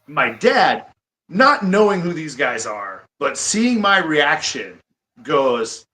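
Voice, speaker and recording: Man, forties, from Iowa, animated storyteller, slightly high voice, echoey room. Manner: animated, quick to laugh. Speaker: guest, pro wrestler. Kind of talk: casual storytelling. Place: studio.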